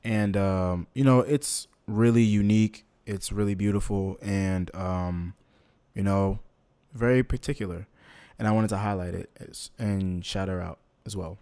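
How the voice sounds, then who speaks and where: Laid-back low-voiced podcast host. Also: male voice, fairly even intonation, a little slow, mellow, clean tone. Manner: laid-back, loose, lots of ums and slang. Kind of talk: casual podcast monologue.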